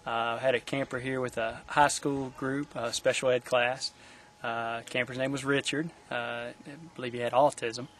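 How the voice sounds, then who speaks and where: A man on the camp staff telling a personal story in an interview, in a halting way with many fillers and repeats. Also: medium pitch, flat delivery, fairly bright tone, a little hiss or hum.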